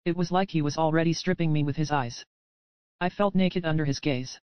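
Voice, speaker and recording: Woman audiobook narrator, steady first-person reading, smooth tone, dry and slightly dull sound. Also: low voice, brisk, dry recording.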